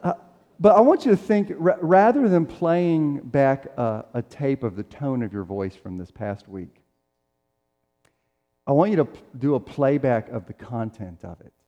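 A man's voice: mid-range voice, lively intonation, a little slow, mellow, muffled recording. A middle-aged man preaching a sermon in a conversational way, acting out the quotes he tells. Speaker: pastor. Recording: long reverb of a large hall.

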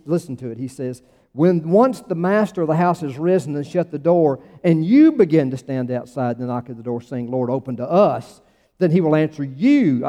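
A man's voice: mid-range voice, dark tone. A man preaching a sermon in a conversational, emphatic way, with sudden rising bursts. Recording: long church reverb.

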